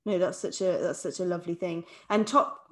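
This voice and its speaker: A woman's voice: fairly low pitch, fairly even intonation, fairly quick, a bit bright. A woman around thirty, co-hosting a podcast in casual chat and steering it with questions. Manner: easygoing, steers the conversation with questions. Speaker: podcast co-host.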